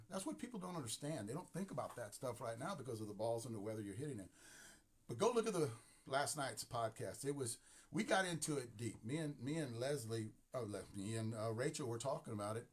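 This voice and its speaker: Man, sixties, live-stream host, rambling, emphatic, repeats himself, mid pitch. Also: slightly rough. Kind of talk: casual live-stream talk.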